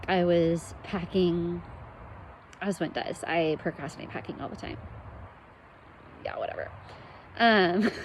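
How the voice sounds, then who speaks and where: Young american woman chatting about her week, kinda low voice, lots of ums, faint noise behind. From United States. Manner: candid, self-deprecating, frequent ums. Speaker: podcast host. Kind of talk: casual personal storytelling.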